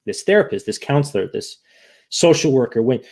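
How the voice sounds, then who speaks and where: Man, middle pitch with a gravelly edge, open and rambling interview guest. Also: animated, a little fast, a little mellow. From United States. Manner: candid, rambling with many restarts. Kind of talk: emotional interview conversation.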